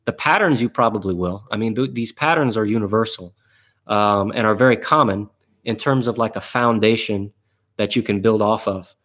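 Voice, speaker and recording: A man's voice: fairly low pitch, normal speed, fairly bright tone. A man teaching a live online guitar class in a casual, rambling way, with many fillers and restarts.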